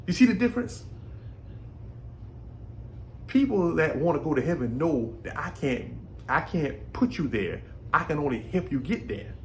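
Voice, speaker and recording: A man from Brooklyn, New York, talks about faith in a casual, folksy way. His pitch sits a little high and swings widely as he talks. A faint hum of ambient noise sits behind him. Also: unhurried, long pauses. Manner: animated, folksy, repeats words while thinking. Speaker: faith vlogger.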